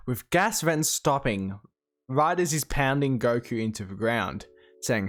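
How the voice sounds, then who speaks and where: A man casually recapping a comic chapter, excitable, reading out the characters' lines as he goes. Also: medium pitch, measured pace, soft background music. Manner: excitable, retells the plot while reading out the dialogue. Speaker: manga reviewer.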